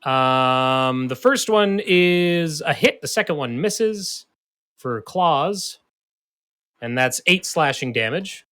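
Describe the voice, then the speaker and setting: A man running a tabletop game as game master, narrating monster attacks in a relaxed, easygoing way with frequent laughs. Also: on the high side, slow, smooth.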